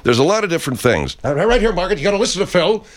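A man hosting a comedy sketch, talking in an exasperated, animated, interrupting way. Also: sits high, racing.

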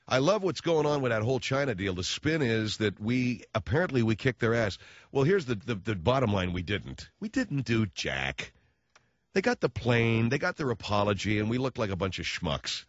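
A man's voice: mid-range voice, big pitch swings, normal speed, no room sound, highs cut off. A man hosting a radio talk show, riffing in a wisecracking monologue and acting out little voices.

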